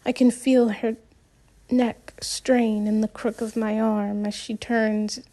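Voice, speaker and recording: A woman narrating an audiobook in the first person, reading gently with the odd restart. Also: on the high side, flat delivery, slow.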